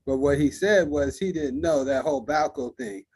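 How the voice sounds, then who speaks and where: A man's voice: a little high, moderate pace, darkish tone, husky. A man co-hosting a casual sports chat, arguing his points thoughtfully and acting out quotes. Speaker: podcast co-host.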